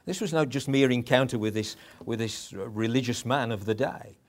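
A man's voice: mid-range voice, normal speed. A middle-aged man preaching a sermon in a conversational way, with chuckles and restarts.

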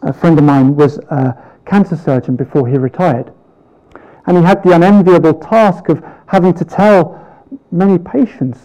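A man preaching a sermon, earnest, with rhetorical questions and slow, emphatic pauses. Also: high-pitched, mellow, lo-fi sound.

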